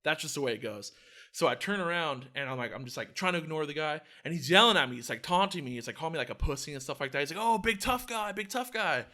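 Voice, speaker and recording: A man's voice: a little high, very fast. A young man telling a story in casual podcast chat, acting out quotes and swearing a lot, with "like" in nearly every phrase. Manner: animated storyteller, acts out quotes, heavy filler "like", swears a lot. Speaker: podcast co-host.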